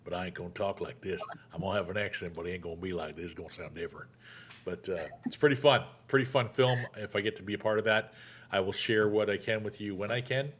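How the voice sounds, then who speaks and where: A middle-aged man hosting a casual show, chatty and quick to joke. His voice sits fairly low, and he laughs often between points. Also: slightly rough. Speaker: show host. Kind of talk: casual chat.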